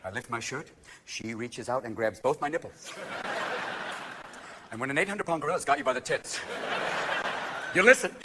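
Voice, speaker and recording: A man in his fifties performing a live stand-up routine, talking rapid-fire and jumping into character voices. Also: mid-range voice, noisy background. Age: 50s. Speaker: stand-up comedian. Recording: live show recording with room ambience.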